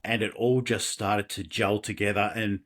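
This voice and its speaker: An Australian man, a podcast guest, telling personal stories in a casual, animated way with laughs and restarts. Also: on the low side, moderate pace. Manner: animated, laughing, self-deprecating, many restarts. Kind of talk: casual interview storytelling.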